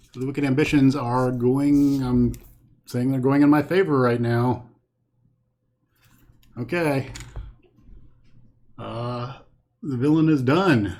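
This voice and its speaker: A man's voice: medium pitch, takes it slowly, long pauses, darkish tone. Man talking himself through a card game. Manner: thinks aloud, counts cards, talks himself through choices. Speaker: host playing a card game. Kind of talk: casual solo card game playthrough commentary. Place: home setup with a green screen.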